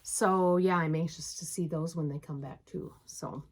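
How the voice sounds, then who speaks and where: A woman's voice: deep voice, fairly even intonation, normal speed. Woman, Minnesota accent, enthusiastic casual co-host of a craft chat show. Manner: chatty and enthusiastic, gushing. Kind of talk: casual chat about cross-stitch.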